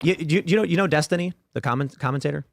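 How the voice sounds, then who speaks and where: A man's voice: a little high, rapid-fire, vocal fry, no room sound, studio quality. A man hosting a podcast, chatting casually with his panel, reading viewer comments aloud and often repeating words as he starts a sentence. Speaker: podcast host.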